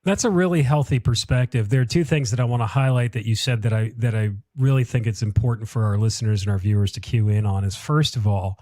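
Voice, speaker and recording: A man's voice: medium pitch, fast, few pauses, dark tone, no room sound, studio quality. A man hosting a podcast interview, chatty and jokey, telling stories in a casual way. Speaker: podcast host.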